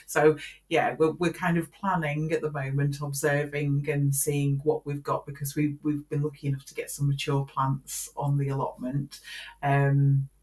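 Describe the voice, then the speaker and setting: A woman's voice: low-pitched, monotone, moderate pace, a little mellow. Chatty woman who laughs often. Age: middle-aged. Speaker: podcast co-host. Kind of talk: casual chat.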